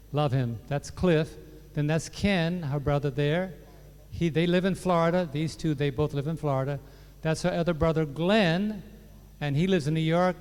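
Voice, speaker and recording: A man's voice: a little high, clean tone. Man telling his testimony in a reverberant hall. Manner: warm storytelling, joking asides. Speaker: pastor sharing his testimony. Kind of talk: personal testimony to a church audience. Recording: long hall reverb from a church PA.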